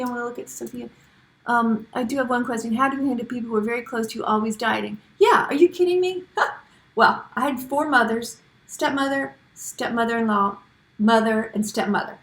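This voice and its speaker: Middle-aged woman host, upbeat and chatty, somewhat high voice, recorded in an echoey room. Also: fairly even intonation, fairly quick. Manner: chatty, encouraging, with frequent restarts. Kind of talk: casual talk to camera.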